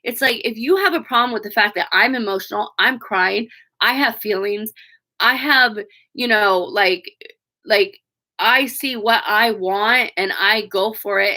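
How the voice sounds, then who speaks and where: A woman in her forties with a bright, forceful voice talks straight to her viewers in a live stream. She is candid and emotional, with plenty of fillers and a few swear words along the way. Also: medium pitch, a little slow. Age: 40s. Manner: frank, emotional and chatty, with frequent fillers and swearing. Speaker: vlogger talking to viewers.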